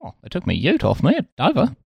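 A man's voice: a little high, wildly swooping pitch, racing, gravelly, a little mellow, breathy edge, no room sound, voice pushed up, heavily acted. A man putting on a blokey tradesman who is grumbling about his troubles, in a voice raised well above his own. The sound is close and dry. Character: gruff male white-van tradesman.

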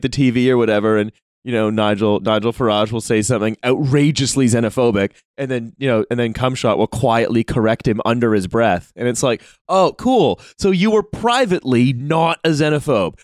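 A man co-hosting a podcast in loose, casual chat. He rambles and restarts his sentences, swears freely, and sits at a middling pitch. The sound is dry and close. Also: steady tone, a little fast, darkish tone, no echo. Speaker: podcast co-host.

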